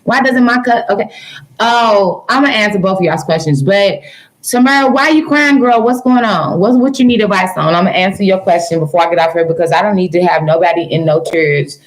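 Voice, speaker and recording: A woman's voice: medium pitch, brisk, poor audio. A woman reading tarot cards on a live stream. She answers viewers in a casual, teasing way, calls them girl and baby, and mixes jokes with earnest advice. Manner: laughs often, jokes then turns earnest. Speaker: tarot reader livestreaming to viewers.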